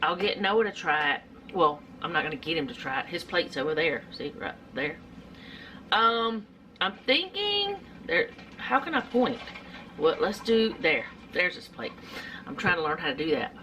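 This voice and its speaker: Chatty middle-aged woman, lower voice. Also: big pitch swings, moderate pace, sharp tone, slight background noise. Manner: rambling, chatty, many fillers. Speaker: home cooking vlogger. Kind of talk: casual cooking vlog chat. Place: home kitchen.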